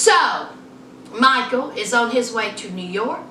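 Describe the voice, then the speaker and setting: High, sassy woman with echoey sound. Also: moderate pace, recorded from a distance, slight background noise. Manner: sassy, drawling, animated retelling. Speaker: reality TV recap vlogger. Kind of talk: casual sassy TV recap.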